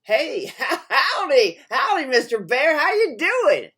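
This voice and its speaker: A woman's voice: mid-range voice, sing-song, breathy edge. A woman voicing a sly male fox trickster in a children's story, chuckling and wheedling as he talks. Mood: gleeful. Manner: chuckling, wheedling and fast-talking.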